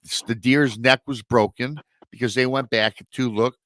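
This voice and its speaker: Animated male podcast host, dry sound. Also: mid-range voice, moderate pace, dry recording. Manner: animated storytelling, excitable. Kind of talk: casual chat.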